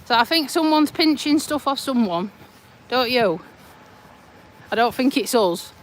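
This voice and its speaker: An English woman with a fairly high voice chats slowly and teasingly as she walks outside. She talks into a phone held in her hand and sounds a little out of breath. Faint traffic hums behind her. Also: lively intonation. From England. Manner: chatty, teasing, laughs often. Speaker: vlogger. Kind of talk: casual live-stream chat. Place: outdoors on a roadside footpath. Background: passing traffic.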